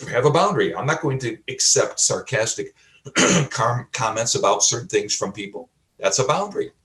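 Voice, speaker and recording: A man teaching like a pastor, emphatic and repetitive, asking rhetorical questions and often adding "okay?", with frequent throat clearing. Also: mid-range voice, fairly bright tone. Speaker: pastor and life coach. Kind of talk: teaching sermon. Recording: roomy, from a distance.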